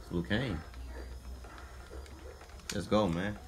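A man's voice: on the low side, slow, a little hiss or hum. A man vlogging with his young son, talking in a playful, teasing way and coaxing the boy along. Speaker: vlogger dad. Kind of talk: casual family vlog chat.

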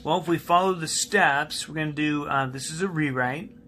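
A man's voice: on the high side, moderate pace, bright, forceful tone, slight background noise. A male math teacher giving a recorded classroom lesson, patiently repeating key steps and asking students questions while he writes on a board.

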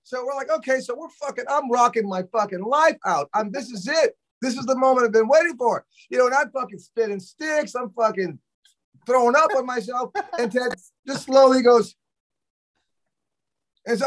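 A man from Los Angeles, a drummer guest on a talk show, telling a long story in a loose, animated way, cursing often and acting out what people said. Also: very high voice, moderate pace. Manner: animated, profane, acts out quotes. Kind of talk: casual storytelling interview.

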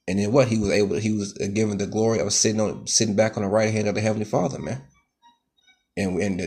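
A man preaching from scripture in a husky, somewhat low voice. He peppers his lines with "man" and "okay" and stumbles through restarts. He turns loud and heated at times. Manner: grows loud and heated, pitch rising sharply. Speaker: street preacher. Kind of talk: scripture teaching sermon.

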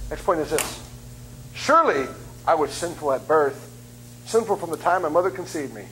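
A man's voice: medium pitch, a little hiss or hum, low-quality recording. A middle-aged man preaching a sermon in a church, joking and acting out voices. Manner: joking, animated, acts out voices and screams. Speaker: guest preacher. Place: church sanctuary.

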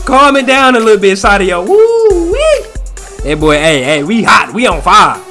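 A man with a high, bright voice talks through a football video game match as he plays it. His commentary is excitable and swings up and down, and he repeats his hype phrases again and again. Faint music plays behind him. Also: normal speed. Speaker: gaming YouTuber. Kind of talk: live gameplay commentary.

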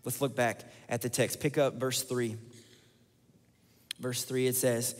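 A man's voice: medium pitch, little pitch movement, measured pace, long pauses. A man preaching a sermon as pastor, earnest and repeating key lines for emphasis. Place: church sanctuary. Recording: long church hall reverb.

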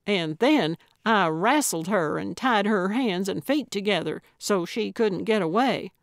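A woman voicing a feisty, eccentric elderly woman amateur sleuth, quick-witted and cheeky in an audiobook. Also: mid-range voice, lively intonation, no room sound, studio quality. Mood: sly.

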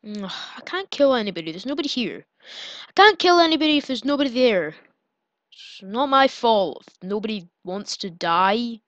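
A woman's voice: a little high, sing-song, measured pace, pushed and bright, no echo, clean studio sound. A woman giving playful gameplay commentary on her channel, pleading with and teasing other players. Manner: playful, pleading and gloating in turns. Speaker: gaming channel host.

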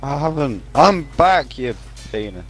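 A man's voice: mid-range voice, very animated, unhurried, soft background music. A young man bantering as a co-op teammate, trading crude, teasing jokes and laughing. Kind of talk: casual gameplay banter. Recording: loud background noise on mic.

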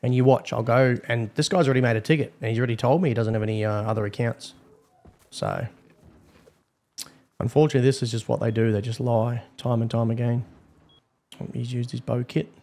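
A man's voice: mid-range voice, fairly even intonation, a little fast, vocal fry, pauses often, dark tone. A man with an Australian accent gives casual, blunt gameplay commentary as a server admin. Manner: casual, blunt, swears freely.

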